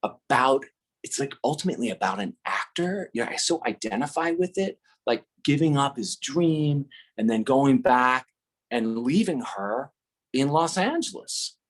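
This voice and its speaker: A middle-aged man with a slightly husky, breathy voice, telling a story in a loose, rambling way. He stops and restarts his sentences often and fills the gaps with ums and likes. His pitch sits in an ordinary middle range for a man. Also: lively intonation. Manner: rambling, halting, self-deprecating, with many fillers and restarts. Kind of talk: casual storytelling.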